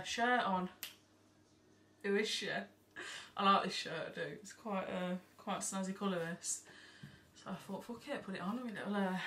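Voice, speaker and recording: A woman's voice: medium pitch, a bit bright. A woman, rambling and swearing freely in a casual haul vlog recorded at home. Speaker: vlogger. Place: at home by an open window. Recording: distant mic, faint background noise.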